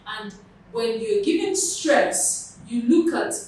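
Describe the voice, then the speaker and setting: Slow, deliberate woman tutor in an echoey room. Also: sits high, big pitch swings, darkish tone. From Nigeria. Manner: slow, deliberate teacher, repeats and spells out words. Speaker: exam tutor. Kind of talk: classroom lesson. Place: classroom with a board. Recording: echoey room from far off with faint noise.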